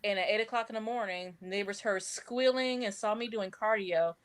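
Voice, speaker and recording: A woman chatting casually with friends, her voice at an ordinary middle pitch. She tells stories with lively energy, breaks into laughter often and acts out her own reactions in quick bursts. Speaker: podcast co-host. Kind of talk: casual chat.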